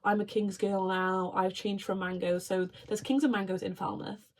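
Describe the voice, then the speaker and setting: A woman's voice: medium pitch, little pitch movement, a little mellow. Chatty young woman from Wales. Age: young adult. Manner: chatty, bubbly, with quick asides. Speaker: vlogger, marine biology student. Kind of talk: casual chat to camera.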